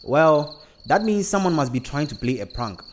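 A man's voice: on the high side, very animated, moderate pace, a little hiss or hum, pitched above the performer's own voice. A man voicing a skeptical middle-aged husband in a storybook reading. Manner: skeptical, mildly mocking.

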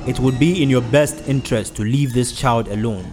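A man doing a soft commanding white spirit. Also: medium pitch, fairly quick, over music, lightly acted. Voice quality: soft, vibrating tone. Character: glowing white male spirit, calm and commanding.

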